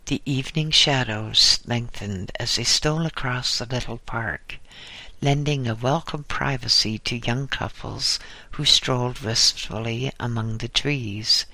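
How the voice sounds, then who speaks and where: Slow measured guy reading a story, bright voice, dry close sound. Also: mid-range voice, no room sound. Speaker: narrator. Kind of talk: scripted narration.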